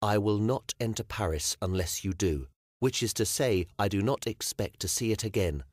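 A man's voice: on the low side, normal speed, no echo, clean studio sound, natural voice. A male audiobook narrator voicing a proud, blunt young medieval queen who speaks firmly and plainly. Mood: defiant. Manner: firm, commanding, matter-of-fact. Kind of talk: audiobook character voice.

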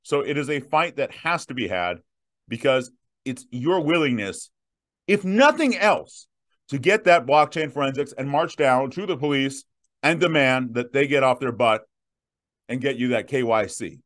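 A man in his thirties hosting a viewer Q&A, emphatic and direct, slowing down to stress his points. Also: medium pitch, expressive, fairly bright tone. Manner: emphatic, punchy repetitions, slows down to stress points. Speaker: host answering viewer questions. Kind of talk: direct-to-camera Q&A.

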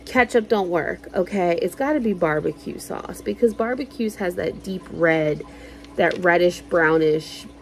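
A woman's voice: lowish voice, creaky, slight background noise, poor audio. A woman in her thirties telling a long story in a casual vlog, rambling and swearing, with lots of fillers. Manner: rambling, profane, animated storytelling with many fillers. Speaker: vlogger.

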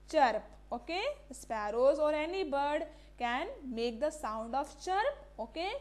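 A woman teacher, giving a classroom lesson, asking the class questions and repeating key words, now and then slipping into Hindi. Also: high voice. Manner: mixes Hindi phrases into English.

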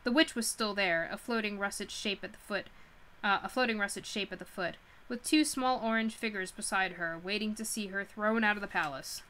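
Bright woman reading a novel aloud. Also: medium pitch, fairly quick. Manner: stumbling over words and correcting herself. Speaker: livestream book club host.

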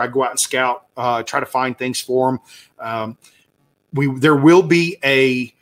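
A man from the American South, his mid-range voice a bit bright, guides listeners through bird slides casually. He gets enthusiastic and drifts, restarting and using fillers a lot.

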